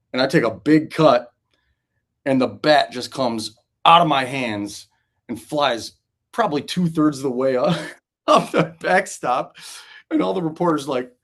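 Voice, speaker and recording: A man around forty, a former pitcher guesting on an interview show, telling locker-room stories in a loose, animated way, swearing freely and laughing as he goes. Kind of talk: casual storytelling interview.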